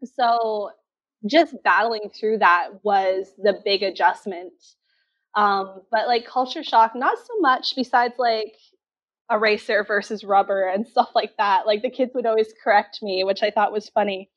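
A woman's voice: mid-range voice, a little slow, dry recording. A woman from Canada telling her teaching story as an interview guest, candid and full of fillers. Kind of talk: casual interview. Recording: dull lo-fi sound.

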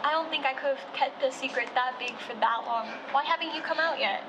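A woman's voice: sits high, brisk, background noise, lightly acted. A young actress playing an outspoken, self-assured lesbian sophomore girl who teases bluntly. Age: teens.

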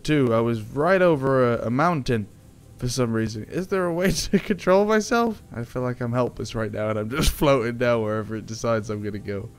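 A young man giving casual commentary over gameplay, switching between loud panicked outbursts and low muttering. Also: slight background noise. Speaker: gaming YouTuber.

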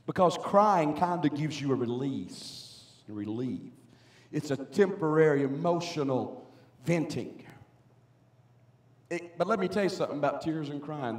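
A man preaching a sermon as pastor in a church, swinging between quiet asides and loud, emphatic outbursts. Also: on the high side, unhurried, pauses often. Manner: preaching with rising, shouted emphasis. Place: church sanctuary.

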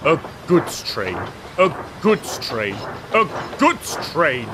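A man's voice: high-pitched, wildly swooping pitch, takes it slowly, background noise, pitched above the performer's own voice, heavily acted. A man voicing a proud, grumbling big male engine who complains as he goes. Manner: complaining, sulky.

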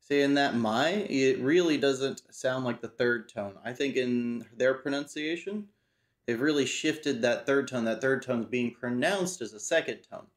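A man talking casually through a study session, slowly repeating phrases aloud and thinking as he goes. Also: mid-range voice. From United States. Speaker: language learner teaching himself.

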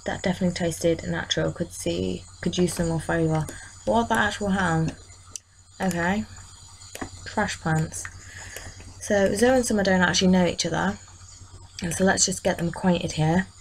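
A woman with a fairly low voice chats her way through a casual let's-play. She talks straight to the characters on screen and scolds them when they misbehave. A faint hiss of background noise sits under her voice. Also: fairly even intonation, moderate pace, vocal fry, pauses often. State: tired, yawning. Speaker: gaming channel host.

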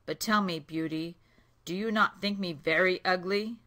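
A woman voicing a gentle, lonely male beast in a storybook read-aloud, speaking earnestly and louder than her narration. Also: fairly low pitch, moderate pace. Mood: humble.

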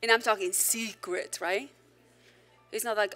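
A woman pastor preaching a sermon in an animated, conversational way, with joking asides to the congregation. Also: mid-range voice, normal speed, faint music behind.

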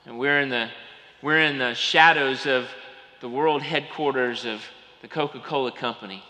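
A Southern man from Georgia preaches with a very bright, ringing voice, telling homey stories and sinking into soft asides. His words carry a long reverb through a large church. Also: mid-range voice, moderate pace. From Atlanta, Georgia. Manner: folksy storytelling, rising and dropping to quiet asides. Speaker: pastor. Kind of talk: sermon.

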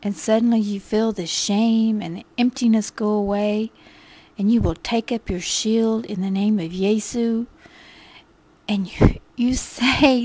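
A woman's voice: medium pitch, steady tone, unhurried, warm tone. A woman telling a devotional story in an intimate, often whispered way.

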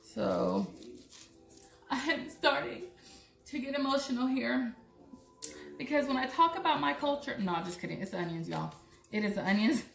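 A woman's voice: fairly high pitch, lively intonation, normal speed, vocal fry, pauses often, a bit bright, echoey room, soft background music. A young woman from Puerto Rico, chatting and joking with viewers while she chops vegetables in her home kitchen. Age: young adult. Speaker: cooking vlogger. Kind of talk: casual cooking demo.

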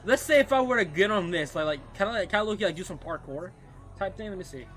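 A young man streaming gameplay live, trash-talking opponents excitably and calling everyone bro and dude. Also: sits high, fast, soft background music. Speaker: gaming streamer.

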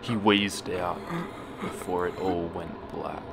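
Slow deep-voiced man narrating horror. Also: fairly even intonation, creaky, very noisy. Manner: slow, hushed, dropping to near whispers. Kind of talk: scripted horror story narration. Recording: music bed under voice. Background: music.

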